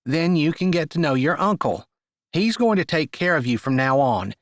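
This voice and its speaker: A fast-talking, businesslike caseworker from an audiobook, rattling off details item by item, played by a man. Her voice sits a little above his normal range, crisp and practical. The sound is dry and close to the mic. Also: a little high, animated, dry recording, pitched above the performer's own voice, natural voice. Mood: brisk. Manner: brisk, businesslike, rattles off lists. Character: brisk talkative middle-aged social worker woman.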